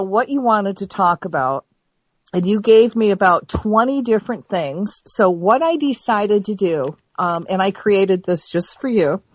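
An American woman hosting a talk radio show, chatting casually with a guest in a lively, rambling way. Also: mid-range voice, no echo. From United States. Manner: chatty, animated, quick asides.

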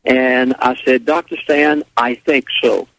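A man's voice: medium pitch, steady tone, unhurried, gravelly, fairly bright tone, poor audio. An older man, a radio guest, telling a story in a rambling way, with restarts and quoted lines. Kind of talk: casual phone-in storytelling.

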